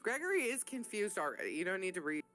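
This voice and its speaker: A woman game master narrating a tabletop game in a casual, profane style, laughing as she calls for rolls. Her voice sits at an ordinary mid pitch, with soft music playing in the background. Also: big pitch swings, fast talker.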